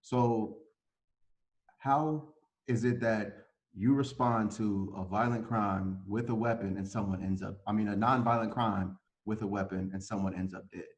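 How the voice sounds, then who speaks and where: A man's voice: fairly low pitch, steady tone, unhurried. A man hosting a panel discussion, who builds a pointed question step by step. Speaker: host.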